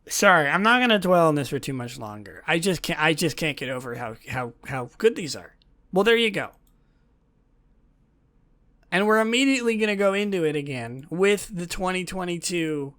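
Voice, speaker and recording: A woman hosting a solo podcast, chatting in a gushing, excitable way that often drops into soft whispers. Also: sits low. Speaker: podcast host.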